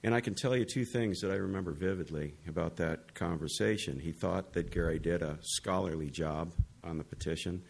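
Deep husky older man testifying. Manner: measured, earnest. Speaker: bird research coordinator. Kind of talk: public hearing testimony.

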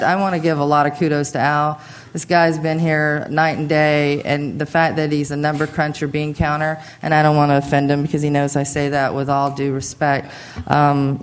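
A general manager at a public board meeting gives a staff report while unwell and hoarse, speaking in an informal, chatty way with many fillers and asides. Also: mid-range voice, slight background noise.

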